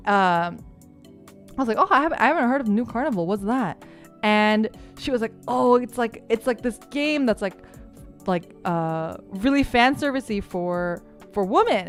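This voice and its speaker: A young woman streamer chatting casually, telling stories in an animated way and sometimes breaking into shrieks and laughter. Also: fairly high pitch.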